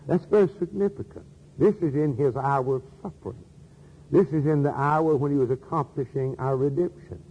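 A man's voice: medium pitch, warm tone, slightly rough, in a large hall, dull audio. A man preaching a sermon in an earnest manner, asking rhetorical questions and repeating key phrases.

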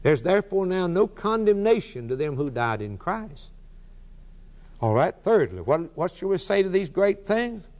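A man's voice: high-pitched, sing-song, unhurried, darkish tone. A man preaching a sermon with emphatic, repeated refrains. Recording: long hall reverb.

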